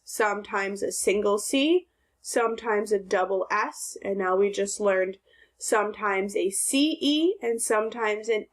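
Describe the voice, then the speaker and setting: A woman teacher with a medium-pitched voice records a phonics lesson aimed at second graders. She sounds out each word clearly and supplies the answers to her own questions.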